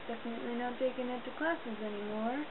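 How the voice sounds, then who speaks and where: A young woman chatting casually in a home video, cooing to her dog now and then in a high voice. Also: fast talker. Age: young adult. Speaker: vlogger. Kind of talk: casual chat. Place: home room. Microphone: laptop webcam mic. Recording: tinny lo-fi webcam audio with hum.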